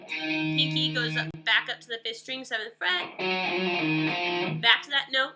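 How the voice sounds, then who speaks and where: A woman's voice: fairly high pitch, sing-song, unhurried. A woman with a stuffy nose giving a chatty, upbeat live-streamed guitar lesson. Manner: chatty and upbeat, greeting viewers by name. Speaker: guitar teacher. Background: guitar playing.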